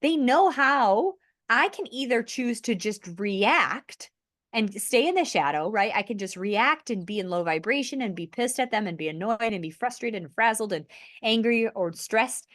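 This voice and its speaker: A woman on a podcast, speaking earnestly and from the heart about spiritual growth, often pausing to restart her thoughts. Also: fairly high pitch, expressive, fairly bright tone, no room sound, studio quality. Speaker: podcast host. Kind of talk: conversational podcast sharing.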